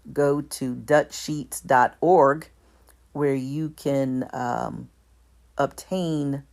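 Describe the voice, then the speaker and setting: Woman, low voice, unhurried document reader, steady and careful, with small self-corrections. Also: gravelly. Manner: reads out formatting marks like "all caps" and "lowercase"; measured, deliberate delivery with small self-corrections. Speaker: commentator. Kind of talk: reading a document aloud.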